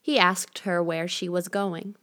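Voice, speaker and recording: A woman narrating a fairy tale in a measured, gently expressive storytelling manner. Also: on the low side.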